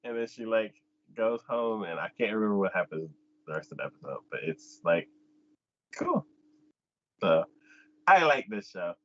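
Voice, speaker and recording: A man hosting an anime podcast, retelling an episode in casual chat, jumping into high squeaky voices for the characters and laughing often. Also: big pitch swings, moderate pace, long pauses, muffled recording.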